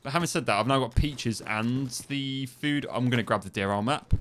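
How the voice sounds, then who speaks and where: A man's voice: mid-range voice, normal speed, fairly bright tone, slight background noise. A man streaming a survival game, laughing as he practises a foreign phrase over and over and swearing casually while he thinks aloud. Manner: laughing, repeating foreign phrases to get them right. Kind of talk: casual livestream commentary.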